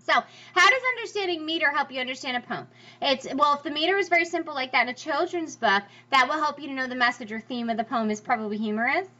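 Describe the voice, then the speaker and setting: A woman's voice: high voice, fast talker, sharp tone. A woman teaching a lesson on poetry in a chatty, encouraging way. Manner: encouraging, chatty, reassures listeners. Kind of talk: recorded lecture on poetry. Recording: dull lo-fi recording.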